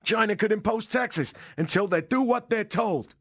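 A man doing a brash, husky politician impression. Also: high-pitched, normal speed, fairly bright tone, dry recording, clean studio sound, voice pushed up. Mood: blustering. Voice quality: husky, put-on American accent. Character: blustery older male politician, bragging and brash.

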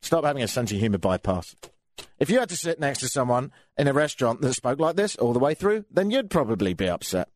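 A man's voice: mid-range voice, sing-song, quick pace. An English man hosting a talk radio show, grumbling through a sardonic rant into a studio microphone. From England.

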